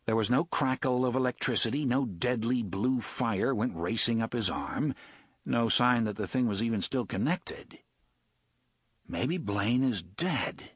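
A man narrating an audiobook with dramatic, expressive storytelling, recorded close to the mic. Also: mid-range voice, unhurried, husky, no echo. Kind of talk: scripted narration.

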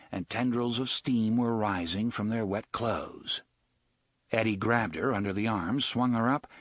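A man reading an audiobook in a steady scripted narration, with a husky voice. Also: lowish voice, no room sound, clean studio sound.

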